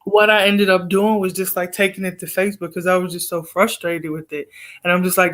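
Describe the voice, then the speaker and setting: A man's voice: sits high, flat delivery, a little fast, a bit bright. A man guest on a video call telling a long story casually, rambling with fillers and acting out quoted exchanges. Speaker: guest poet.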